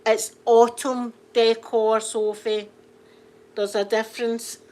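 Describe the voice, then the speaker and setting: A woman's voice: fairly high pitch, little pitch movement, slow pace, dark tone. A middle-aged Scottish woman from Scotland, chatting casually with viewers on a livestream, rambling and laughing often. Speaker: livestream host. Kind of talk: casual live chat with viewers.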